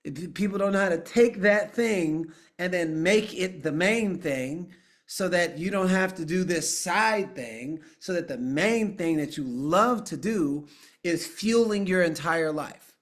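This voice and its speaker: A middle-aged man talking casually on a live coaching call, guiding listeners through a quiet exercise. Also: high-pitched, a little slow. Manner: conversational, drifting into hushed guided prompts. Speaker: coach and trainer.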